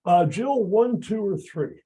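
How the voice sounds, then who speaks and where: A man's voice: sits high, expressive, slow pace, dark tone, breathy edge, poor audio. A man performing a live magic act by video call, chatty and encouraging, with a cold that is making him lose his voice.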